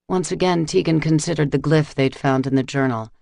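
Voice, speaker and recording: A male audiobook narrator reading a dark novel in measured, dramatic tones. His mid-range voice carries a gravelly edge, recorded close and dry in a studio. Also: on the high side, no echo. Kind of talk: scripted narration.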